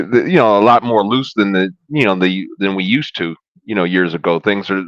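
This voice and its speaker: A man's voice: on the low side, fairly bright tone, dry recording, highs cut off. A man speaking as a panel guest, hesitant and full of fillers as he thinks aloud.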